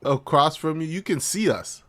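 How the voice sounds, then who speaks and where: A man's voice: a little high, lively intonation, moderate pace, fairly bright tone. A young man at home, co-hosting a casual podcast chat and mocking a friend in disbelief. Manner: mocking, incredulous. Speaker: podcast co-host.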